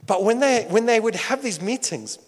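A man preaching a sermon with passion, swinging between loud outcries and hushed asides. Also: high-pitched, lively intonation, normal speed, in a large hall. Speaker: pastor.

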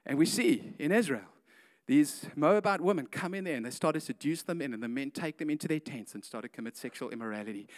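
A man preaching a casual sermon, retelling a story with slangy asides like "man" and "guys". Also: a little high.

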